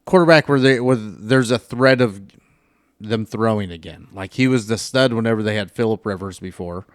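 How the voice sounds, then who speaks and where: Clear-voiced man explaining football casually. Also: on the low side, moderate pace, dry recording, clean studio sound. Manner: animated, rambling explanations. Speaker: podcast co-host. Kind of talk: casual sports chat.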